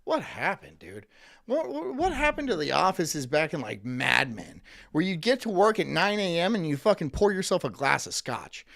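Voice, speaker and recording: A man's voice: fairly high pitch, sing-song, normal speed, vocal fry, fairly bright tone. A man ranting sarcastically on a live stream, swearing often and slipping into mocking voices.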